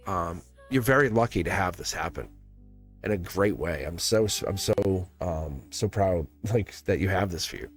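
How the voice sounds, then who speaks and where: Reading tarot for his live-stream audience, this lowish-voiced man talks in a meandering, sincere way. He keeps starting sentences over and grows emotional at times.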